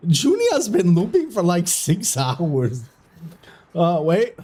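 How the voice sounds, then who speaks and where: High-voiced man giggling through game commentary. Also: huge pitch swings, slow pace, mellow, a little hiss or hum. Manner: keeps breaking into giggling fits while commentating; trips over his words and restarts when flustered. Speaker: streamer casting a community game tournament. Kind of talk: live video game commentary.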